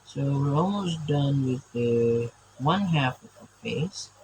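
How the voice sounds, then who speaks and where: A man talks through a drawing session in an unhurried, drawn-out way, trailing off and restarting his thoughts. He stammers and laughs often as he chats, and his pitch sits in an ordinary middle range. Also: expressive, a little mellow, a little hiss or hum, poor audio. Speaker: artist drawing on camera. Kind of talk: casual chat while drawing.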